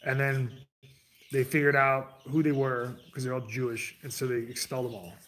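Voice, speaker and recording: A man's voice: medium pitch, level tone, normal speed, a bit bright, slight background noise. A man hosting a livestream, talking casually to his chat in a digressive, rambling way, often restarting his sentences. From United States. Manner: digressive, restarts sentences, jumps between tangents. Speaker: livestream host.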